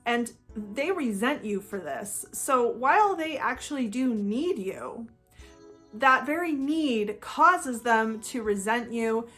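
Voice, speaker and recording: A woman's voice: a little high, fairly bright tone. Earnest woman explaining, faint music behind. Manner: earnest, explanatory, with slowed emphasis. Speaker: host. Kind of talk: personal talk about psychology.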